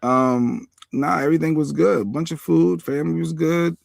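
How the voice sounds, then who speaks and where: A man's voice: on the high side, normal speed, vocal fry, no room sound, clean studio sound. A man co-hosting a podcast, talking in a laid-back, easygoing way in casual chat. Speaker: podcast co-host.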